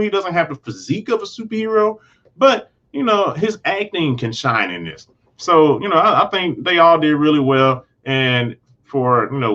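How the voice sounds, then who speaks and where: A man's voice: mid-range voice, bright, forceful tone, muffled recording. A man casually recapping and reviewing a TV episode, rambling with lots of fillers and acting out characters' lines in a loose, slangy way. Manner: rambling, full of fillers like "you know" and "like". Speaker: film and TV reviewer.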